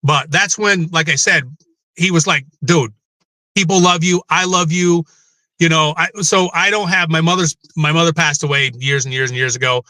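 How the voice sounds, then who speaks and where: A middle-aged man with a bright, forceful voice, pitched a bit high, tells his own hard story as an interview guest. He rambles, restarts his sentences and swears freely. The sound is dry and close. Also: steady tone, normal speed, no echo. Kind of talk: candid personal interview.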